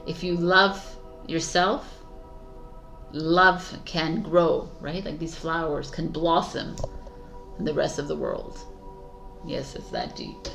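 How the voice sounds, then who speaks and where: Woman, tarot reader, rambling and laughing, slightly low voice, faint music behind. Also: steady tone, slow pace, gravelly. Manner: warm, spiritual, laughs often, rambling. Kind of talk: casual tarot reading monologue.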